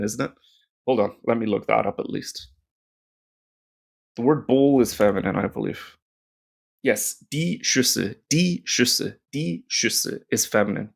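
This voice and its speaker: An Irish man muses aloud through his German practice, wandering off on tangents and poking fun at himself. He talks slowly, with a gravelly, creaky edge to his voice. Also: medium pitch. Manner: rambling, self-mocking, talking to himself. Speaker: German-learning video creator. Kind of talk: thinking aloud while doing app lessons.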